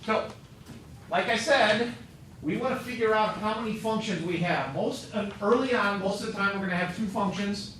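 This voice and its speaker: A man's voice: sits high, moderate pace, fairly bright tone, slight background noise. A male math teacher lecturing a class, quizzing students with upbeat joking asides. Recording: echoey classroom, mic far off.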